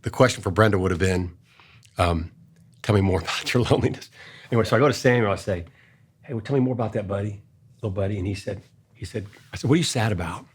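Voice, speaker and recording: An older man, telling an earnest personal story in a casual way, going soft and hushed when he quotes his own gentle words. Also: lowish voice, fast, breathy edge. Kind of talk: casual storytelling in a faith-based talk.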